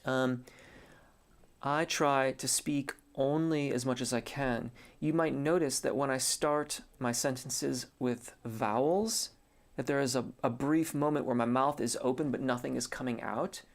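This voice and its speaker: A man, a singing teacher, answers viewers' questions in a relaxed live stream, thinking aloud with many fillers. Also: mid-range voice, a little slow. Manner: reads viewer comments aloud and answers them. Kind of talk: casual live-stream chat.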